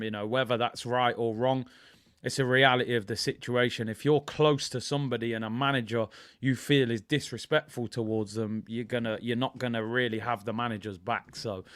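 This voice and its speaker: A man from England hosting a casual football watchalong stream, chatty and excitable, rambling with lots of fillers. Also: medium pitch. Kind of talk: casual live-stream chat.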